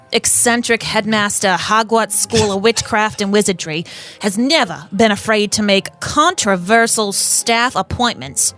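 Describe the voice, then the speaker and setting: A woman with a slightly high, somewhat bright voice plays a brash, gossipy tabloid reporter, putting on a New York accent. She reads an article aloud in character, giggling through the lines.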